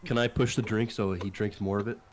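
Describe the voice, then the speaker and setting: A man's voice: on the low side, fairly quick, noisy background. A man playing a tabletop game, speaking casually and laughing often. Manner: giggly, lively, often laughing. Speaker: player.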